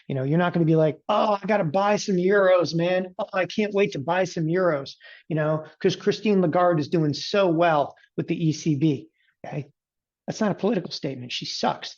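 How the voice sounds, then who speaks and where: A man's voice: on the high side, gravelly, darkish tone, breathy edge, highs cut off. A middle-aged man giving a live market lesson, talking casually with jokey asides, tossing in "okay" and mock quotes. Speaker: trading educator.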